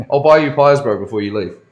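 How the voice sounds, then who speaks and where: A man's voice: medium pitch, moderate pace, highs cut off. A man tattooing on a live stream, chatting casually and rambling with his viewers, calling them bro and laughing often. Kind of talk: casual live-stream chat while working. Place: tattoo studio.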